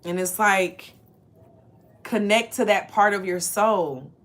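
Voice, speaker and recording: A woman reading oracle card messages and affirmations aloud, speaking earnestly and directly to the listener, repeating phrases slowly for emphasis. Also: medium pitch. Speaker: spiritual card reader.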